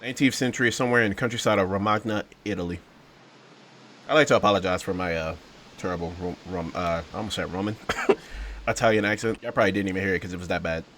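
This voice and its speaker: A man's voice: sits low, quick pace, a bit bright, slight background noise. A man casually commentating a horror game for his channel, rambling and joking with his viewers. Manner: rambling, joking, talks to viewers as "bro" and "y'all". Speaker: gaming YouTuber. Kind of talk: casual let's-play commentary.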